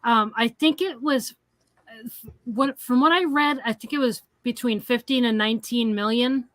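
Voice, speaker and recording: A woman's voice: fairly high pitch, fairly bright tone, no room sound. A woman co-hosting a horror review podcast, reading out listener questions in a casual way. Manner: unhurried, reads listener questions. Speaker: podcast co-host.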